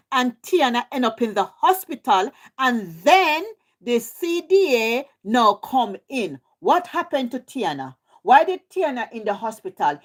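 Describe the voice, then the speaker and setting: A Jamaican woman hosting a livestream, ranting heatedly and swearing in repetitive bursts. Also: a little high. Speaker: livestream host. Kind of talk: ranting live commentary.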